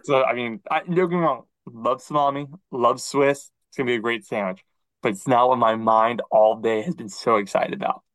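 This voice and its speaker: A man co-hosting a podcast, chatting casually and acting out quoted dialogue in an animated storytelling manner. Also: mid-range voice, normal speed, no echo, poor audio. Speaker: podcast co-host. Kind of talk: casual chat.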